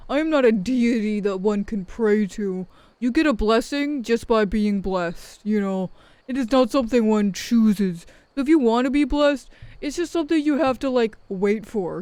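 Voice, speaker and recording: A woman playing a mean godlike man, slow-paced, mock-solemn, high-ish voice, dry sound. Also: mellow, clear, resonant tone, dry recording, lightly acted. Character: grumpy male godlike being, mean-tempered. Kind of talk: streamer putting on a character voice.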